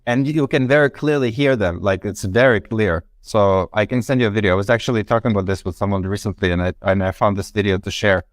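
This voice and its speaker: A man's voice: fairly low pitch, fast talker, hardly any pauses, no echo. Laid-back man explaining in a dry, close sound. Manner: relaxed explaining, hedging with you know and like. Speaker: guest. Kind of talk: casual chat.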